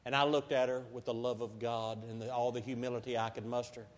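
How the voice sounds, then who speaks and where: A man preaching a sermon, telling stories in a folksy way and surging into loud emphasis. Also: mid-range voice, flat delivery, fast talker. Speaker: pastor. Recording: long hall reverb.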